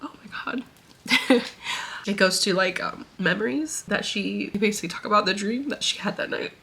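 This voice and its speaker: A woman's voice: mid-range voice, brisk, vocal fry, bright, forceful tone, husky. A young woman vlogger casually retelling a story she read, rambling and getting emotional. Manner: emotional, tearful, laughing and sighing while retelling; rambling with many fillers. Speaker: book vlogger.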